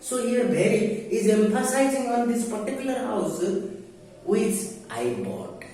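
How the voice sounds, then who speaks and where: A male teacher explaining grammar deliberately, pausing often with hesitations. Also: very high-pitched, expressive, mellow, a little hiss or hum. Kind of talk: grammar lecture. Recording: very echoey room, mic far off.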